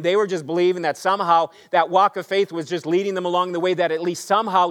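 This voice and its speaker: Higher-voiced pastor preaching with rising fervor. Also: male voice. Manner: swings from excited, raised delivery to hushed, quiet emphasis; addresses congregation directly with rhetorical questions. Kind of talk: Easter sermon.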